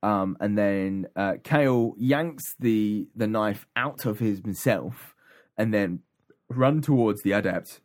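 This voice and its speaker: Podcast co-host, male, low-pitched, loose rambling recap delivery. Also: takes it slowly. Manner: rambling, many ums and restarts. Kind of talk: casual chat recapping an audiobook.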